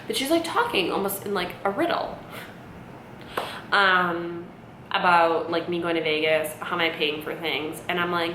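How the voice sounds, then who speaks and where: A woman in her late twenties with a bright, forward voice rambles through a storytime vlog, peppering every sentence with "like." The room is echoey, and a faint hum sits underneath. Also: fairly low pitch, moderate pace. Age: late 20s. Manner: rambling, many "like" fillers, animated retelling. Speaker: vlogger. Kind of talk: casual storytime monologue.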